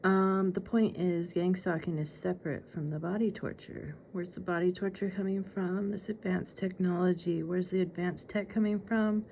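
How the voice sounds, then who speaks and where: A woman's voice: on the low side, steady tone, moderate pace, gravelly, hardly any pauses, dark tone, a little hiss or hum. A woman vlogger talking casually to camera, earnest and insistent, with a slight lisp.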